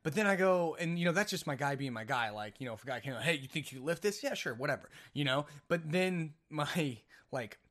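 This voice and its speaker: A man's voice: a little high, lively intonation, brisk, hardly any pauses, a bit bright. A man hosting a casual solo podcast, telling a rambling story full of jokes and self-mocking asides. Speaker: podcast host.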